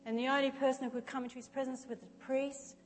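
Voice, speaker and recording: A woman preaching an animated sermon that swings from shouting to soft, quiet speech. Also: high voice, quick pace, in a large hall, faint music behind. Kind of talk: lively sermon with acted-out prayers.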